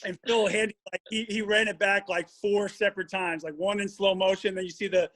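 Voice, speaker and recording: High-voiced man telling a locker-room story. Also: fairly quick. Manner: animated anecdote-telling with quoted dialogue. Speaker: former pro basketball player, guest. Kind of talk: casual storytelling on a sports podcast.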